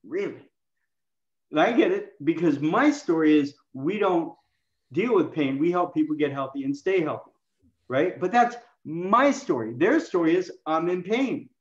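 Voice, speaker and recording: A man's voice: on the high side, animated, unhurried. A man with a slightly raised voice, talking as an interview guest and explaining his methods with animation, often slipping into quoted lines as he acts out conversations. The recording sounds echoey and a little dull. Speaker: health coaching expert guest. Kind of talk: interview, teaching communication.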